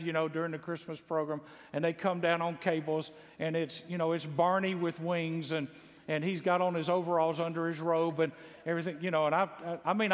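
A pastor from Mississippi preaches in a high voice, spinning folksy, funny stories that swell into loud exclaims. His words ring out with a long reverb, as in a large church sanctuary. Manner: folksy storytelling with humor, builds to loud exclaims. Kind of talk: sermon. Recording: long echo of a large hall.

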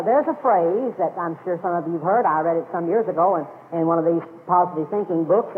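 A man with a high voice delivers an emphatic sermon, driving his points home by repeating key phrases. His voice has a long reverb tail, as if he is in a big sanctuary. The sound is thin and narrow, like an old phone-line radio broadcast. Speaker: preacher.

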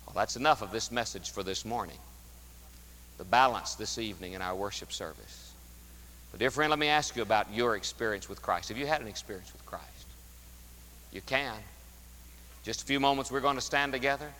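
A man preaching a sermon as pastor, emphatic, rising loud and dropping to a hush. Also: on the low side, a little fast, pauses often, in a large hall, a little hiss or hum, low-quality recording. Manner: emphatic, swings from loud to hushed. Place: church sanctuary.

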